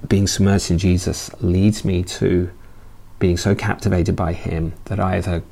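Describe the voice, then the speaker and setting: A man delivers a relaxed, conversational sermon, often stumbling and restarting his sentences. His voice sits low with a dark, mellow tone. There is a gravelly edge throughout. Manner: conversational, halting, with many restarts. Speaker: preacher.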